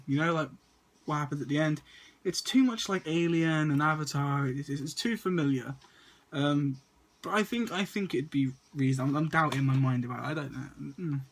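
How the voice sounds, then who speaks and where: A man, stuttering and restarting often as he casually talks through a list of movies to his camera. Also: a little high. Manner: stutters and repeats words often. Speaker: movie vlogger.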